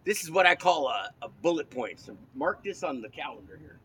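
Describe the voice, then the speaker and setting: A man's voice: fairly high pitch, very animated, fairly quick, fairly bright tone, slight background noise, low-quality recording. A man chatting casually in a car, teasing his friend in a playful, mock-formal way. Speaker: podcast co-host. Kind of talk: casual chat.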